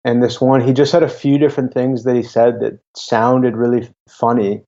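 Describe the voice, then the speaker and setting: A young man talks in a relaxed interview, halting often. His low voice is gravelly and mellow. The audio is dull and lo-fi. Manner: halting, with frequent restarts. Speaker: guest, YouTuber. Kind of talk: casual interview talk.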